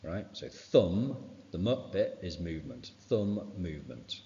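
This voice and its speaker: Male science teacher, very low voice, muffled reverberant recording, casual revision walkthrough. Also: big pitch swings, unhurried, warm tone. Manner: informal, fills with "right" and "okay". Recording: dull sound with long reverb.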